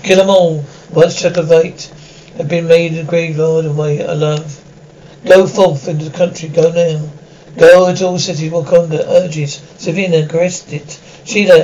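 A man's voice: fairly high pitch, fairly even intonation, measured pace, warm tone, dull audio. A man voicing a vengeful ancient vampire lord who gives cold, menacing commands. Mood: commanding.

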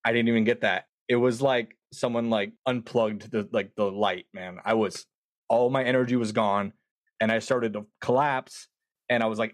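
A man casually telling a long story, animated and quoting himself often with words like "dude". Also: medium pitch, brisk, no room sound, clean studio sound. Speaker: podcast guest.

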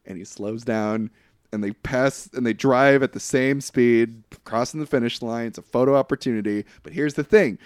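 A man's voice: medium pitch, normal speed, clear, resonant tone, no room sound, clean studio sound. A man co-hosting a podcast, ranting sarcastically in a casual movie review chat and acting out scenes. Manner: ranting, sarcastic, acts out scenes in quoted voices. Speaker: podcast co-host.

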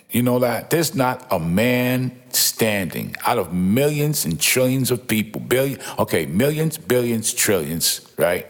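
Man, lowish voice, lively swooping pitch, unhurried, emphatic Bible commentary, reverb trail. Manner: emphatic, exclaims and laughs in awe, repeats himself. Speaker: Bible teacher.

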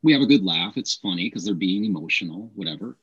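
Husky low-voiced man explaining teaching. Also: lively intonation, fairly bright tone, muffled recording. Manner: emphatic, explains with quick acted examples. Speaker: podcast co-host, English teacher. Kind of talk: casual teaching podcast chat.

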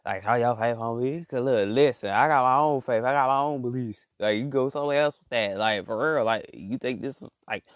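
A man doing a comedic rant monologue, rambling and slangy, full of fillers and restarts, jumping from low mumbles to loud outbursts. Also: fairly quick, hardly any pauses, dry recording, studio quality.

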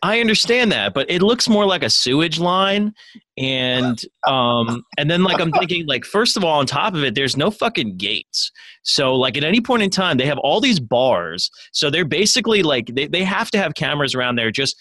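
Bright-voiced wry male podcast co-host. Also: fairly high pitch, big pitch swings, moderate pace, dry recording. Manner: wry, sarcastic quips, swears. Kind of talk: casual podcast chat.

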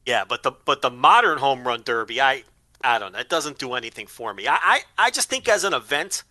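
A man's voice: medium pitch, sing-song, brisk, pushed and bright, dry recording. A man on a podcast, chatting casually and rambling, repeating words as he thinks. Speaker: podcast co-host. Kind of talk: casual chat.

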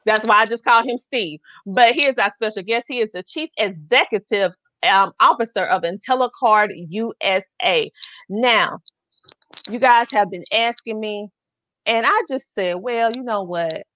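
Excited Southern woman hosting a show. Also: medium pitch, muffled recording. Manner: excited, gushing, drawn-out emphasis. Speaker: host. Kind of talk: live online business show.

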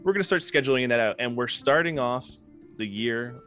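A man's voice: medium pitch, animated, a little fast, pushed and bright. Game master, man, mid voice, rambling casual delivery, faint music bed. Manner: rambling, laughing, filler-heavy. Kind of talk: casual stream announcements.

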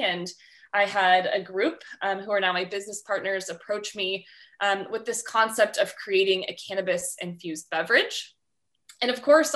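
A woman with a medium-pitched, slightly bright voice is a guest on a podcast, explaining things at length in a friendly, casual interview chat, with ums and light laughter.

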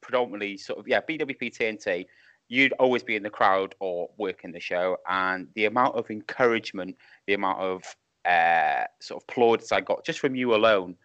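A man's voice: fairly low pitch, a little fast, a bit bright, smooth, no echo. A man, a wrestling referee guest, telling rambling anecdotes with chuckles over a video call. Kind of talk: casual chat. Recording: muffled Skype call audio.

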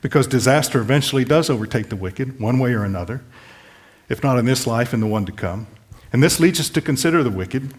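A man's voice: mid-range voice, lively intonation, quick pace. A man preaching a sermon, earnestly pleading with listeners and restating scripture in plain words. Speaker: pastor.

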